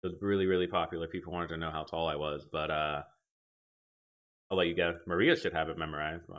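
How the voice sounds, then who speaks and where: A man's voice: deep voice, steady tone, fast, fairly bright tone. A young man chatting casually with his viewers on a live stream, rambling and reading out their comments from a desk mic in his home gaming setup. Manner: rambling, talks to chat and reads out comments. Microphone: desk microphone.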